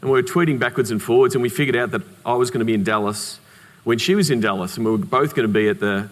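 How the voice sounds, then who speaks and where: An Australian man giving a conference keynote, telling anecdotes in a lively way with humorous asides. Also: mid-range voice, quick pace. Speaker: keynote speaker. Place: conference hall. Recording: reverberant conference hall.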